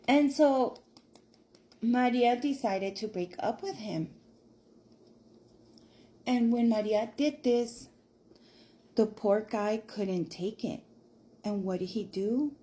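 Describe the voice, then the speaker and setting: A woman telling a spooky story in a casual, animated way, swearing freely. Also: medium pitch.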